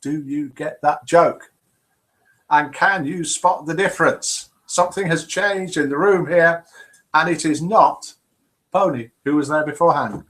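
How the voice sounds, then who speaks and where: Older English man, Midlands accent, cheerful live-show host reading viewer messages; slightly high voice. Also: unhurried, a bit bright. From England. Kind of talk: live call-in show hosting. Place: home room.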